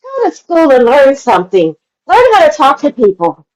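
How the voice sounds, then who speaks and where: 70s woman, somewhat high voice, lecturing and condescending on a livestream panel argument. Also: wildly swooping pitch, normal speed, poor audio. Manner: scolding, condescending, talks over others.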